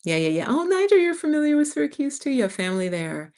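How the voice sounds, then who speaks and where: A woman over fifty from the United States, hosting a casual livestream and chatting with viewers, telling stories with lively acted-out quotes. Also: high-pitched, fast talker. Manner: animated storyteller, acts out other people's lines. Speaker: livestream host. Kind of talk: casual live-chat talk to viewers.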